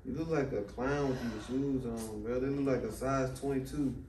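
A man's voice: medium pitch, normal speed, a little mellow, slight background noise. A young man in a casual argument, exasperated, repeating again and again that she should stop. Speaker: prank target, boyfriend. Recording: roomy room, far mic, chatter behind.

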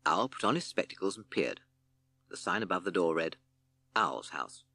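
A man narrating a children's audiobook in an expressive storytelling manner. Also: deep voice, a little fast, no echo.

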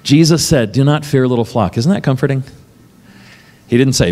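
A man preaches a sermon as pastor, talking conversationally and tossing questions to the congregation. He laughs often between points. His voice sits at a middle pitch and rings with a long reverb in the church hall. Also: moderate pace, dark tone.

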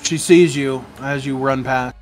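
A man narrating as game master in a tabletop game, slow and measured. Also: medium pitch, fairly even intonation, faint music behind.

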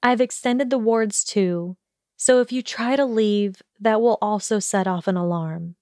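A woman voicing an earnest, anxious young witch who speaks softly and hesitantly in an audiobook reading. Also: medium pitch, measured pace, dry recording, clean studio sound, natural voice. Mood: careful. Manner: soft, hesitant, careful.

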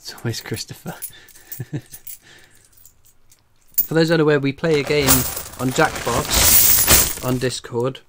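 A man's voice: mid-range voice, fairly even intonation, slow pace, long pauses, noisy background. An English man hosting a casual livestream, chatting and joking while he reads out viewer comments. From England. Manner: chatty and jokey, laughs often. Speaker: coin collecting livestream host.

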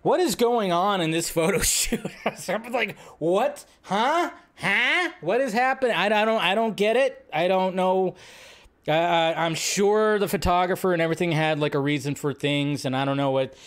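Male livestream host, loose rambling chat, slightly higher-pitched voice, now and then shouts out quoted lines. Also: normal speed. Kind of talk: casual livestream commentary.

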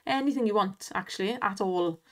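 A woman's voice: medium pitch, fairly quick. A Welsh woman hosting an online slots video, chatting casually and laughing often as she cheers on the spins. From Wales. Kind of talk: casual chat and commentary over gameplay.

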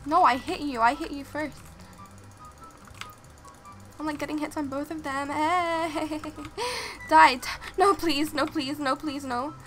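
A young woman commenting on her own gameplay, excitable, laughing and repeating herself as she plays. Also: high voice, takes it slowly, long pauses, soft background music. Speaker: gaming channel host.

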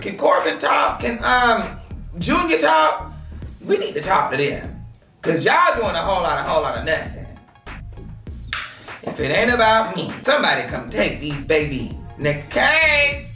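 Woman gossip host, bright lively voice, loud and laughing, echoey room with music behind. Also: a little high, moderate pace, recorded from a distance. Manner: loud, laughing, swearing, shouting. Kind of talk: loud casual gossip commentary.

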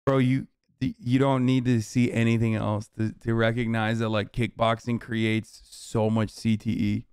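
A man's voice: medium pitch, little pitch movement, unhurried, a little mellow, clean tone, no echo, clean studio sound. A man streaming casual reaction commentary, incredulous, mocking and profane.

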